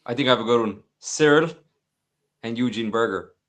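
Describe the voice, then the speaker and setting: A man's voice: mid-range voice, a little fast, a bit bright. A man co-hosting a magic podcast, talking casually, repeating words and dropping "you know what I mean" asides. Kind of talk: casual chat.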